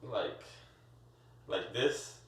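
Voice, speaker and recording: A man telling a story in casual podcast chat, animated and full of slang, stumbling over his words and restarting. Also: drawn-out words, a little hiss or hum. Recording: roomy echo, far from the mic.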